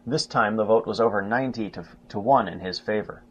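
A man reading a history book aloud in a measured way, stumbling and restarting now and then and announcing quotes aloud. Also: lowish voice, fairly bright tone, breathy edge. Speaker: narrator. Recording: dull lo-fi recording.

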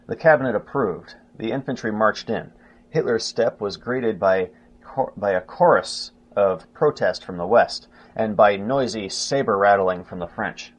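A husky, somewhat low-voiced man reads a history book aloud at a measured pace, tripping over words and restarting as he goes. He says "quote" and "end quote" around the passages he cites. The recording is dull and lo-fi. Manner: measured reading with frequent slips and restarts, marking quotes aloud. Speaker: narrator.

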